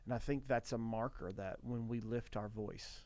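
A man's voice: mid-range voice, steady tone, moderate pace, darkish tone. A man talking earnestly about worship, repeating phrases as he builds emphasis. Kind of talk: conversational preaching.

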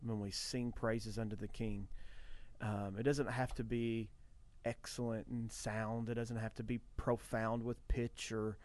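A man's voice: lowish voice, level tone, measured pace, a little mellow. A man talking earnestly about worship, repeating phrases as he builds emphasis. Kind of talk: conversational preaching.

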